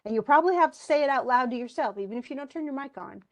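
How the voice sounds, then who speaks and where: Woman teacher lecturing online, slightly high voice, chatty, lots of restarts and "okay?" check-ins. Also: lively intonation, racing. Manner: conversational, many restarts and fillers, checks in with students. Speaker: college English instructor.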